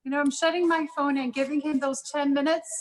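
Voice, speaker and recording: A woman talking as a guest on a live panel show, telling a story in an animated way with quick asides. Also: high-pitched, rough recording. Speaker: guest entrepreneur.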